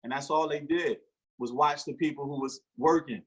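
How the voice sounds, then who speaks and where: Man, forties, interview guest, husky and fairly high, animated storyteller. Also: normal speed, highs cut off. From Newark, New Jersey. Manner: animated storyteller acting out quoted dialogue.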